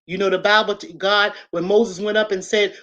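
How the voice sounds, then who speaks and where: Woman with a mid pitch, delivering an emphatic, repetitive pep talk straight to her viewers on a slightly muffled stream. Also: steady tone, normal speed, a bit bright. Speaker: livestream host giving a motivational talk. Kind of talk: casual preachy monologue to viewers.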